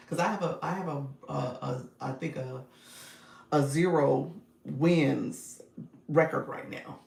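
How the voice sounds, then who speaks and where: A woman's voice: sits low, creaky, a little mellow, echoey room, distant mic, slight background noise. A woman coaching viewers on a casual livestream. She is chatty, laughs often and speaks straight to her audience.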